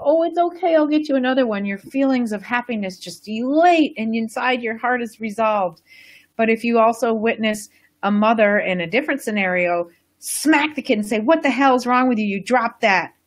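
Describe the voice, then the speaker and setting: A woman hosting a casual wellness live stream, talking to viewers in a chatty, rambling, enthusiastic way. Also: mid-range voice. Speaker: wellness host.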